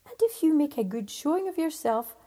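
A woman storyteller voicing a huge male giant who roars with laughter and mocks loudly. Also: high voice, big pitch swings, a little fast, pitched above the performer's own voice. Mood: challenging. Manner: loud, gruff.

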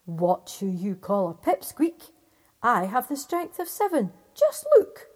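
A woman storyteller voicing a boastful, cheeky little male tailor in an excited high voice. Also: a little slow.

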